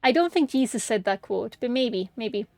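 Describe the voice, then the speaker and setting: A woman's voice: on the high side, expressive, moderate pace, darkish tone, dry recording, faint music behind. A woman chatting casually and rambling playfully on a game stream, giggling often. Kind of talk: casual gaming stream chat.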